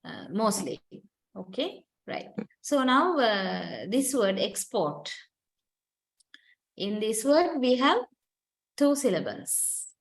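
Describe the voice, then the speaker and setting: Woman, university lecturer, patient and questioning, many "uh"s, higher than average pitch. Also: very animated, slow pace, long pauses, low-quality recording. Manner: explains patiently, questions students, many fillers.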